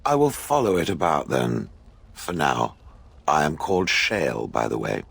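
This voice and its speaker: A deep, husky, sardonic stone golem. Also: male voice, sing-song, normal speed, fairly bright tone, dry recording, heavily acted. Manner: dry, mocking, condescending. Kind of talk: video game dialogue.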